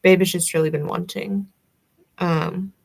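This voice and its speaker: A young Southern woman hosts a livestream in a lowish, creaky, husky voice, keeping a steady tone and an unhurried pace. She rambles casually with viewers and answers their comments, and the recording is rough.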